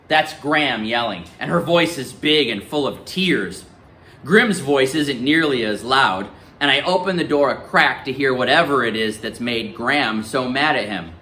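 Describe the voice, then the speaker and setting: A man's voice: mid-range voice, measured pace. A male teacher reading a novel aloud in a classroom and quizzing his students. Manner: lively, questioning students.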